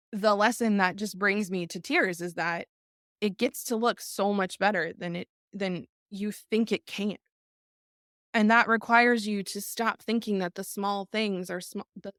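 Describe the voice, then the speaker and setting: A woman's voice: medium pitch, a bit bright, dry recording. Middle-aged woman host, teary but emphatic, repeats lines, dry close sound. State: tearful. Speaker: podcast host. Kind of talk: reflective live talk to an online group.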